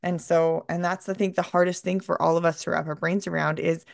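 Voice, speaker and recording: A woman's voice: fairly low pitch, little pitch movement, brisk, vocal fry, no room sound, clean studio sound. A woman hosting a podcast, speaking in an earnest, reflective way in a casual chat. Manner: earnest, reflective, retelling stories. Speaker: podcast host.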